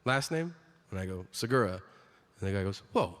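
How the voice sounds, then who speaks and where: A male stand-up comedian telling a story on stage, acting out the people in it with sudden loud outbursts. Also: sits low, expressive, moderate pace. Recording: live hall with long reverb and audience noise.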